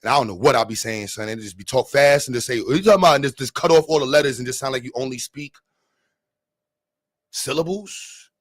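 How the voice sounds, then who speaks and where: A man's voice: medium pitch, a little fast, fairly bright tone, no echo, clean studio sound. Joking, profane streamer man. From New York. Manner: profane, joking, laughs often, trails off. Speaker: live streamer. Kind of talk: casual chat with live chat.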